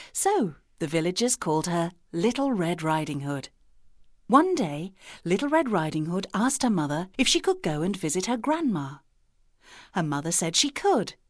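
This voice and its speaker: A woman reading a fairy tale aloud for children in a slow, expressive storybook manner. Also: fairly low pitch, dry recording, studio quality.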